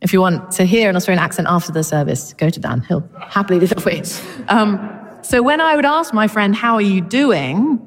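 A woman's voice: medium pitch, lively intonation, fairly quick. Woman, sermon, chatty and informal, long church-hall reverb. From Britain. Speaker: preacher.

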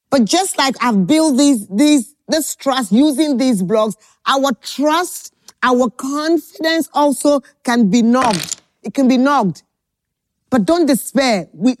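A woman preaching a sermon at a podium, slow and deliberate, repeating key phrases for emphasis. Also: on the high side, darkish tone, no room sound.

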